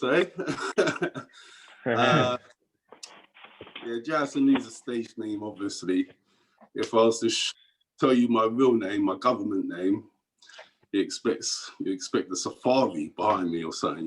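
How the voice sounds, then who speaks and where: A man's voice: medium pitch, a little hiss or hum, poor audio. A man with a Cockney accent doing a rambling stand-up set over a video call, dropping into mumbled asides and chuckling at his own jokes. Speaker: stand-up comedian.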